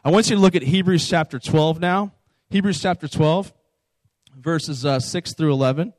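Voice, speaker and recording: A man preaching in a loose, chatty way to a youth camp crowd, pitched a little above the usual male range. His voice sounds dry and close, with no room echo behind it. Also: moderate pace. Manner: conversational, informal, asks the audience questions. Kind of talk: sermon.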